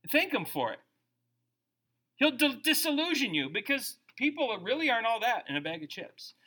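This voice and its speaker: A middle-aged man preaching a sermon as a pastor, conversational and animated, his volume rising and dropping. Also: high-pitched.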